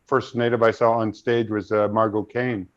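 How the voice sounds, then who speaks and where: A man's voice: on the low side, level tone, normal speed, dull audio. A middle-aged man, an actor, talking thoughtfully in a panel interview, telling stories with frequent restarts.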